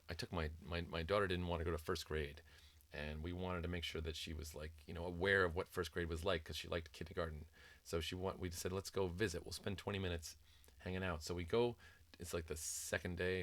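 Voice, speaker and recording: A middle-aged man with a very low voice talks through his thoughts in a loose, rambling way, stopping often with ums and restarting his sentences. The sound is dry and close, with no room echo. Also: fairly bright tone. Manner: rambling, many ums and restarts, mimics sing-song voices in quotes. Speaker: author discussing his book on parenting. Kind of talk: casual reflective talk.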